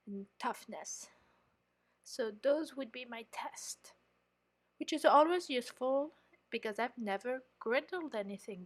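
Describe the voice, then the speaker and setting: French woman, slightly high voice. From France. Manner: chatty, explanatory, self-critical. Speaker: home baker and channel host. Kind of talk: casual voice-over narrating her baking.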